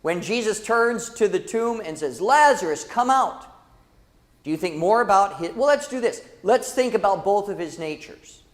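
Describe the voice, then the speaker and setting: High-voiced lively man leading a Bible class. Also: moderate pace, few pauses, in a large hall. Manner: lively, dramatic, calls out to the class. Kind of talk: church Bible class teaching. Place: church hall.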